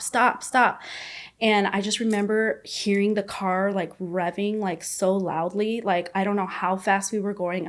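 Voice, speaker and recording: A woman guest on a podcast, telling a painful personal story in a raw, emotional way, with a casual manner and constant fillers. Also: mid-range voice. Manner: raw and emotional, recounting an ordeal. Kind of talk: personal story told in an interview.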